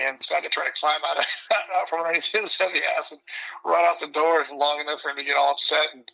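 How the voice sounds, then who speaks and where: Gravelly, bright-voiced man telling his story. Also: a little high, highs cut off. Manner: blunt and animated, breaks into laughter. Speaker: guest. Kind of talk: candid personal storytelling.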